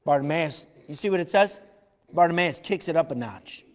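A man preaching a sermon as a pastor. He talks with animated emphasis, shouts at times and acts out the voices of the people in his story. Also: a little high, moderate pace. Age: adult parent. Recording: long hall reverb.

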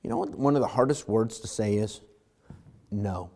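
A man's voice: lowish voice, normal speed, pauses often. Dynamic male preacher. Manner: dynamic preacher, swings from loud emphatic to hushed. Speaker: pastor. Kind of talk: sermon.

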